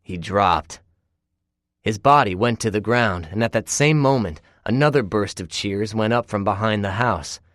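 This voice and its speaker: A man's voice: on the low side, normal speed, fairly bright tone, no room sound, clean studio sound. A man narrating a first-person audiobook and voicing its dialogue with a tense, clipped delivery.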